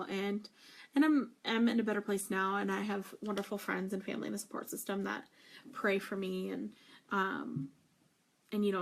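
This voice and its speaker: A woman's voice: mid-range voice, gravelly. A young woman talking in a casual devotional vlog, gushing and emphatic, with many fillers and restarts. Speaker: faith vlogger.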